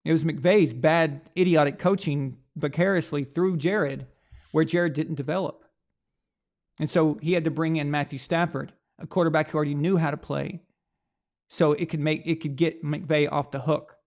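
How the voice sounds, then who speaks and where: A sports show host rants about coaching in a blunt, profane way. His voice sits a little high and carries a gravelly fry. He keeps hammering the same point with angry rhetorical questions. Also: steady tone, moderate pace, darkish tone. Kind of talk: opinionated sports commentary rant.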